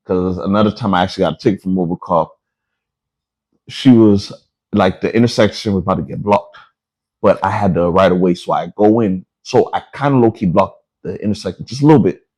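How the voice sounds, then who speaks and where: Animated man telling a story. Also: low voice, brisk, poor audio. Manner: animated, acts out the people in his stories. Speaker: podcast host. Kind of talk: casual storytelling chat.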